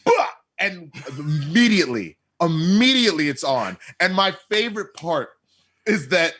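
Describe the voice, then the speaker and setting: Male podcast co-host, animated recapper, bright tone, acts out quotes. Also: on the high side, normal speed, slightly rough. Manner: acts out quoted lines in lively voices.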